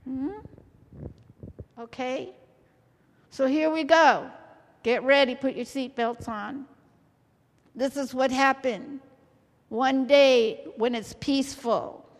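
High-voiced woman preaching in a hall. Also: takes it slowly, pauses often. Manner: lively, asks the congregation questions often. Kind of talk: sermon. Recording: long hall reverb.

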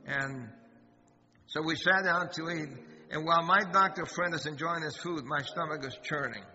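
A man's voice: fairly high pitch, sharp tone. A man who is a pastor, telling a personal story in a sermon and asking his listeners questions. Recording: long hall reverb, dull sound, guitar music behind. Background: guitar music.

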